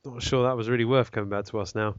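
A man's voice: mid-range voice, fairly even intonation, fast, no echo, highs cut off. Rambling, jokey man hosting a podcast. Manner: rambling, jokey, laughs often. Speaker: podcast host. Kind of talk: casual podcast chat.

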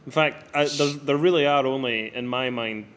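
Brief: male co-host, mid pitch, easy laughs, light teasing, faint noise under the voice. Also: normal speed, a bit bright. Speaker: podcast co-host. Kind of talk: casual chat.

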